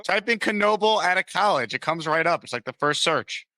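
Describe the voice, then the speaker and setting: A man hosting a comedic sports talk show, teasing his callers with quick banter. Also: high-pitched, animated, noisy background.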